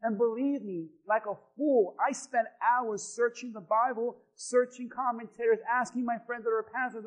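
A male pastor with a strikingly high voice delivers an impassioned sermon. He drops to near-hushed asides, then rises into shouted, repeated refrains. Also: steady tone, moderate pace, few pauses, rough recording.

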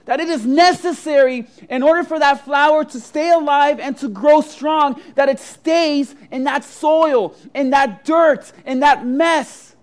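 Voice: high voice, a little slow, few pauses. A preacher voicing a stern grown-man gardener who scolds and insists, in a sermon story. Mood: scolding.

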